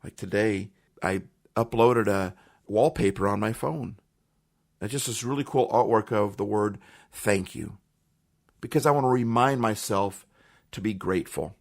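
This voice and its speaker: A man's voice: lowish voice, measured pace, gravelly, pauses often. A man hosting a podcast, talking earnestly and emphatically in a motivational monologue, repeating phrases for effect. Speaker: podcast host.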